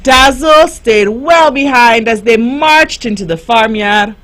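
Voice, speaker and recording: A woman reading a children's story aloud, slow and expressive, giving the characters their own voices. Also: fairly high pitch. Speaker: youth radio host.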